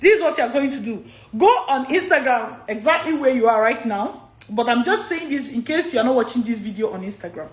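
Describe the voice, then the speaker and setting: A woman with a Nigerian accent and a high voice, animated and a little fast, takes study abroad questions in a live Q&A on social media. Talkative and quick to laugh, she goes over her points more than once, with an echoing room audible in the recording.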